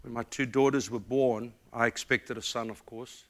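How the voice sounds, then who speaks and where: A middle-aged man from Africa, a pastor preaching a sermon, swinging from loud emphatic points to hushed tender passages. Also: medium pitch, fairly even intonation, moderate pace.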